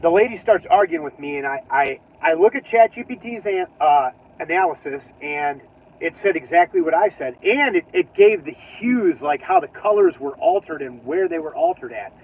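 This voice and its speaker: For his channel's casual driving vlog, a man chats from his car in an animated, slightly high voice at a moderate pace. He rambles, laughs frequently, and trails off mid-sentence, all in tinny, phone-like audio.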